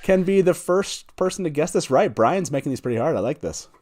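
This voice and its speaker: An upbeat man hosts a live call-in stream, laughing easily as he welcomes each caller. His voice sits a little high for a man. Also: animated, fairly quick, a little mellow, a little hiss or hum. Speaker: host. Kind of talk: live call-in show chat.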